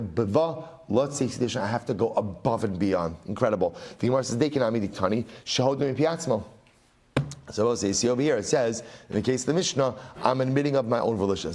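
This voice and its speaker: A middle-aged man, a rabbi, giving a Talmud study lecture in an animated way, repeating phrases for emphasis and weaving in Aramaic and Hebrew. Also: mid-range voice.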